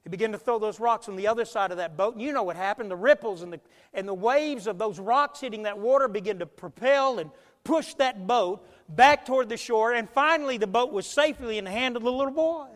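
A man preaching a sermon as pastor, emphatic, swinging between loud and quiet, speeding up and slowing down. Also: high voice, in a large hall. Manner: emphatic preaching with big swings in loudness and pace.

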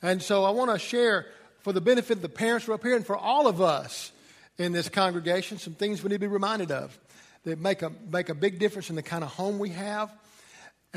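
A man's voice: high-pitched, in a large hall. A middle-aged man preaching a sermon to his congregation, telling folksy stories with plenty of fillers and restarts. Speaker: pastor. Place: church.

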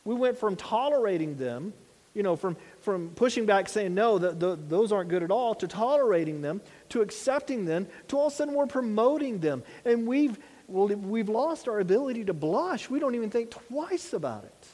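A man's voice: sits high, lively intonation, moderate pace, darkish tone, long reverb tail. A man preaching a sermon in an earnest, conversational way, asking his listeners rhetorical questions. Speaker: pastor.

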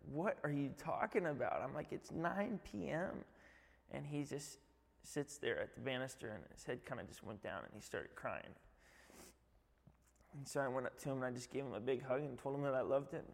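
A man's voice: mid-range voice, gravelly, big-room sound. A man, a youth director, giving a heartfelt church testimony, rambling with many fillers.

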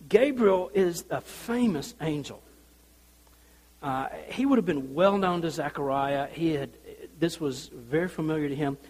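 A male pastor preaching a sermon, telling the story in an animated way and acting out the people in it. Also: a little high, normal speed, slightly rough, big-room sound.

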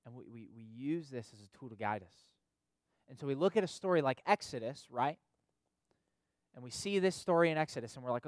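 With lively intonation and a slightly fast pace, a mid-range male voice preaches conversationally, with no room sound. He often adds "right?" and repeats lines for emphasis, like a pastor or youth leader.

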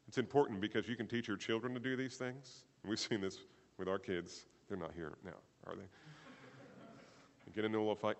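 A man preaching a sermon at a church service, animated, firing rhetorical questions and swinging between loud emphasis and quiet asides. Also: fairly low pitch, moderate pace. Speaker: pastor. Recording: long hall reverb.

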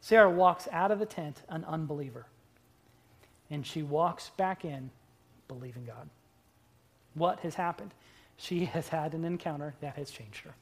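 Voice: medium pitch, breathy edge. Emphatic preacher delivering a sermon. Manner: emphatic, with drawn-out words and sudden loud bursts; playful asides to the congregation. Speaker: pastor.

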